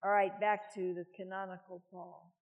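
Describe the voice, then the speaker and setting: A woman's voice: medium pitch, level tone, moderate pace. An older woman preaching a sermon, chatty, with self-deprecating asides.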